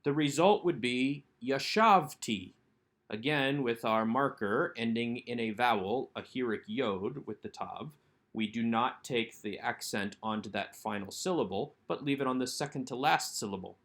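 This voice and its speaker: A man teaching a recorded Hebrew workbook lesson. His voice sits at an ordinary middle pitch. He explains each exercise methodically and sounds out the words syllable by syllable. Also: normal speed, a bit bright. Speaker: Hebrew instructor.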